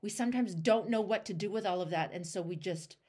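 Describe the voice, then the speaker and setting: A woman's voice: mid-range voice, fairly quick, mellow, slightly rough. A woman hosting a one-on-one coaching call, talking emphatically and acting out the voices in people's heads, with casual swearing. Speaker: life coach and show host.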